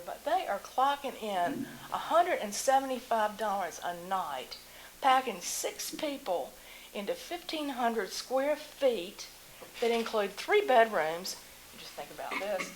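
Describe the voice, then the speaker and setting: A woman's voice: mid-range voice, slight background noise, poor audio. A woman speaking as a local resident during public comment at a town council meeting, emotional and pressing with rhetorical questions.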